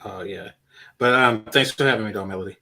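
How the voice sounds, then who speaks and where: Man, stream guest, low pitch, bright tone, hesitant, polite. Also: fast talker. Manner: hesitant, many fillers, polite. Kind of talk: casual live-stream chat.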